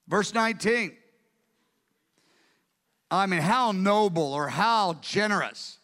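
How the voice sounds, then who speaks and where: Man, preacher, sermon, animated storytelling, lively pitch, hall echo. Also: slow, long pauses.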